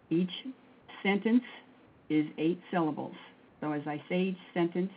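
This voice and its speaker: A woman leading a guided breathing and mantra prayer session in a slow, measured way, counting aloud. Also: deep voice. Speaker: prayer and meditation leader. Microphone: phone line. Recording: tinny phone line with faint noise.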